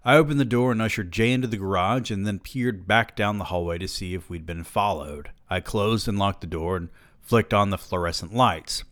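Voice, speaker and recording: A man's voice: on the low side, normal speed, fairly bright tone, no room sound. A man reading a novel aloud on a podcast, with dry, profane, sardonic asides.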